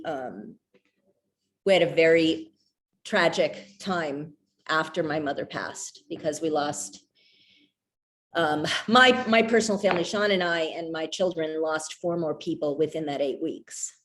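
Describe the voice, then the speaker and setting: Middle-aged woman at a book reading, candid storyteller, halting with fillers, quick to laugh. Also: sits low. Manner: candid, hesitant with many fillers and restarts, laughing. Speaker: author discussing her memoir. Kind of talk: casual talk at a reading.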